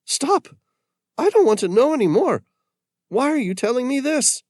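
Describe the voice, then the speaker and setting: A man voicing a frightened fisherman who reacts with alarmed disbelief in a high, strained voice. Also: sing-song, measured pace, a little mellow, no echo, clean studio sound, full character voice. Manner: high-pitched, alarmed, pleading. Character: frightened Japanese fisherman, incredulous.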